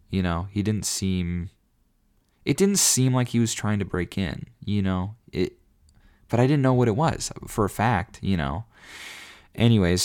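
A man's voice: low voice, clean tone. Rambling young man telling a story. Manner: animated, rambling, lots of fillers and laughs. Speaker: vlogger. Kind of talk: casual storytelling.

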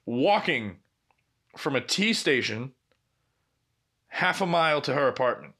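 Bright-voiced man telling a story. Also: mid-range voice, sing-song, measured pace, slightly rough. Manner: profane, laughing anecdotes with quoted dialogue. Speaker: podcast co-host. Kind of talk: casual storytelling chat.

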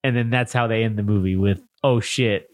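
A man's voice: on the low side, fast, no echo. Man recapping a film in a dry room. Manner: profane, animated plot recap acting out lines. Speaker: podcast co-host. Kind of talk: casual film review chat.

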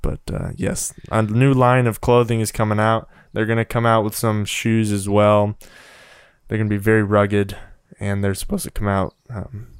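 Smooth-voiced man in deadpan banter. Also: normal speed, no room sound, clean studio sound. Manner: deadpan mock sales pitch, playful. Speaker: podcast co-host. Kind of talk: casual comedic chat.

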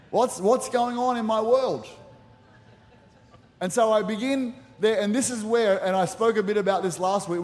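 A middle-aged pastor gives a sermon in a church auditorium, telling stories animatedly with acted asides. His high-pitched voice is a little mellow. The recording has church hall reverb and faint music.

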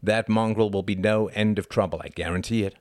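A pompous father holds forth over cognac, explaining world affairs to his sons in a lecturing tone, as an audiobook narrator puts him on. The voice sits a little low, and the recording is dry and close. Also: fairly even intonation, brisk, a little mellow, no room sound, lightly acted. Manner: instructive, pompous. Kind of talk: audiobook character voice.

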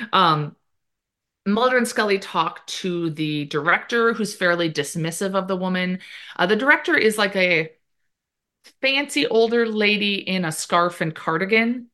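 A woman co-hosting a podcast, recapping a TV episode in casual chat and acting out the characters' lines in quick quoted bits. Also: mid-range voice, lively intonation, sharp tone. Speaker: podcast co-host.

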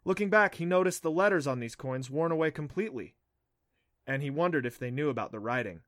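A man narrating a children's adventure novel in a steady, even storytelling way. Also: on the high side, quick pace, no room sound, studio quality. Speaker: audiobook narrator. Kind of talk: scripted narration.

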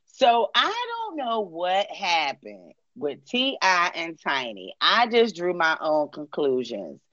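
A sassy woman co-hosts a casual gossip podcast, her voice sitting low and close to a dry mic. The sound is a little dull and lo-fi, with no room around it. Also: huge pitch swings, slow pace, fairly bright tone, no echo. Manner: sassy, playful, drops into a mock official voice. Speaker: podcast co-host.

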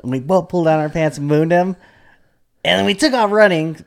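A man in his thirties, a father, co-hosting a podcast in casual chat, blunt and crude with dark jokes. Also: fairly high pitch, fairly quick, creaky. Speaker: podcast co-host.

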